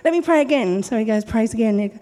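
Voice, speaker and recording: A woman giving a joyful, giggly testimony in church and telling her story with animated energy. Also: on the high side, fast talker. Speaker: church member sharing a testimony. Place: church hall. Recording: long reverb of a hall.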